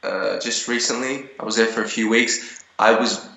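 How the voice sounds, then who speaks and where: A man's voice: fairly low pitch, fairly even intonation, normal speed, vocal fry, pushed and bright, roomy sound, rough recording. A young man being interviewed over a video call, telling stories in a rambling way with many restarts and fillers.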